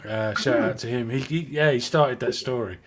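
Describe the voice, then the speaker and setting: A man with a British accent hosting a live stream, chatting excitably about films and laughing often. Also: mid-range voice, normal speed. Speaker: host. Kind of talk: casual live-stream chat.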